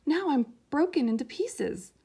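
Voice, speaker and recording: A woman voicing a sad toy jigsaw puzzle that talks fast and fretfully. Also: sits high, big pitch swings, dark tone, pitched above the performer's own voice, full character voice. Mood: upset.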